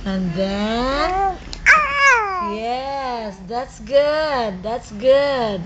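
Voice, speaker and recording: A woman's voice: sits high, lively intonation, extremely slow, long pauses, crowd noise. A woman talking to a baby on a home video, coaxing with repeated questions. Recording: lo-fi home video with background noise.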